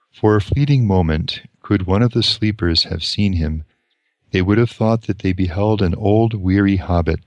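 A man lecturing, reading from a novel and commenting on it in a measured, reflective way, sometimes restarting a sentence. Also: sits low, no echo.

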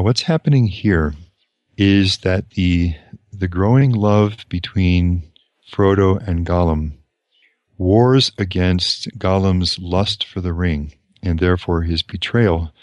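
A man with a deep, low voice reads from a novel and reflects on it in a measured way. The recording is dry and close, and he sometimes restarts a sentence. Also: no echo. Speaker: lecturer. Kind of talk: reading and commenting on a novel.

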